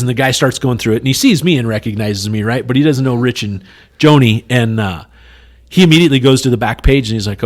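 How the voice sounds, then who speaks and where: A man chatting on a podcast, retelling a stressful day in a loose, animated way. He acts out what everyone said and fills the gaps with "you know" and "right?". His voice sits in a plain, middle pitch. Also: fast talker. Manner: animated, retells scenes in quoted dialogue, many "you know" fillers. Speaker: podcast co-host. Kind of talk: casual storytelling chat.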